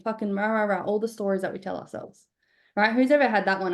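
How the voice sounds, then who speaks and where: A woman's voice: mid-range voice, fairly even intonation, fast. A woman teaching a live business workshop in a conversational, candid way, often checking in with "right?". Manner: conversational, frequent "right?" check-ins, casual swearing. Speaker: business coach.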